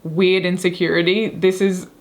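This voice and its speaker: Sarcastic woman with a low-ish voice. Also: flat delivery, moderate pace. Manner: sarcastic, incredulous, laughs often. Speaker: commentary video host. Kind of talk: casual reaction commentary.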